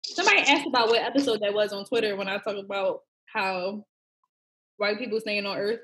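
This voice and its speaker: Speaking fairly quickly in a mid-range voice, this podcast co-host shares stories loudly in slang-filled, casual conversation. She often dissolves into laughter.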